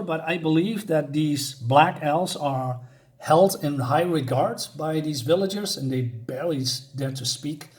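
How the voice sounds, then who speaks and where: A man giving a casual, loosely structured comic review, pausing and restarting often before bursting into enthusiastic asides. His voice sits slightly high for a man. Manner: hesitant, many fillers and restarts, enthusiastic asides.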